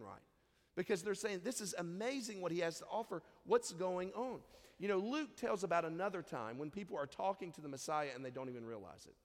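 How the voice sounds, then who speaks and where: A man's voice: a little high, long reverb tail. A man preaching a sermon in a conversational way, reading scripture and briefly acting out the people in the story. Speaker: pastor.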